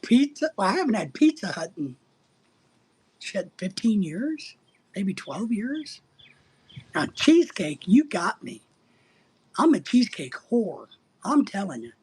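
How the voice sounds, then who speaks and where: Middle-aged man, husky voice, crude and jokey, rambling live chat. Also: sits high, very animated, measured pace, pauses often, darkish tone. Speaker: livestream host reading chat.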